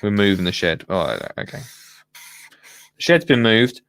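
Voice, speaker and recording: A man's voice: lowish voice, very animated, measured pace, creaky, a bit bright, clean tone. Chatty, rambling male podcast host. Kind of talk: casual live phone-in chat.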